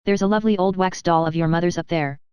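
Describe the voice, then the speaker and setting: A woman voicing a gentle, tender-hearted aunt in a storybook, soft and kind. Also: on the low side, fairly even intonation, fast talker, clear, resonant tone, no echo, lo-fi sound, close to an everyday voice.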